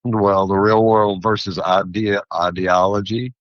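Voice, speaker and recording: Deep-voiced rambling man, dull lo-fi sound. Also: unhurried, dry recording. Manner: rambling, philosophical, animated storytelling. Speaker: food entrepreneur guest. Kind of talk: interview conversation.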